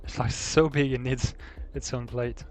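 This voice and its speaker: A man's voice: medium pitch, steady tone, a little slow, darkish tone. French man thinking aloud over faint music. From France. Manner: thinking aloud, hesitant with many fillers. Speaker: live streamer. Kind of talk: casual chat while building in a game.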